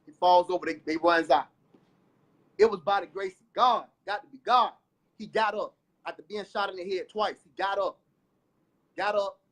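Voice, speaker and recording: A man with a strikingly high voice and a drawl tells his life story as a testimony. He talks over a phone, circling back on words, repeating himself and restarting phrases as the story pours out. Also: moderate pace, pauses often. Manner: repetitive, animated storytelling with many restarts. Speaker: guest giving a testimony.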